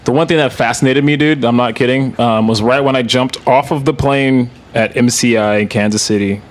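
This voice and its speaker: Man, podcast co-host; mid-pitched, easygoing storyteller, loose and rambling. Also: steady tone, brisk. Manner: rambling storyteller, lots of fillers and dudes. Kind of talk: casual chat.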